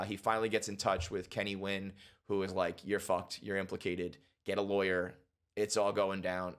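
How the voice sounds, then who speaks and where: A man giving a casual reaction and breakdown of a TV episode, animated and swearing freely, acting out characters' lines in quick voices. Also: lowish voice. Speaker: TV show reviewer.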